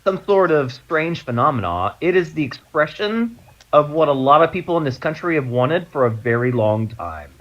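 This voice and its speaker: Animated, higher-voiced man on a dull line. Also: moderate pace. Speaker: panelist. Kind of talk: political panel chat. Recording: dull lo-fi call-in.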